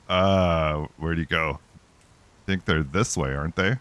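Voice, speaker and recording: Low-voiced man hosting a game playthrough. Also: slow pace, clean tone, faint music behind. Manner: relaxed, with fillers, reads game text aloud. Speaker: let's play host. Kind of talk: casual gameplay commentary and reading game text.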